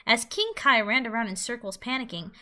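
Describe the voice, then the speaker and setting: A woman narrating a fan audio drama in an animated storybook manner. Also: fairly high pitch, brisk.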